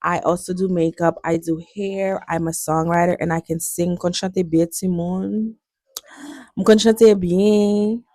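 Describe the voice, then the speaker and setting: A woman's voice: lowish voice, level tone, normal speed, few pauses, darkish tone, dry recording, clean studio sound. A woman in her twenties with a Jamaican accent, chatting playfully to her viewers and switching between languages. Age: 20s. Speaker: vlogger. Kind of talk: casual chat.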